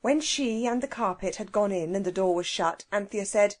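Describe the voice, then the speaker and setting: A woman narrating a children's audiobook with an expressive, animated reading. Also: medium pitch, normal speed, few pauses.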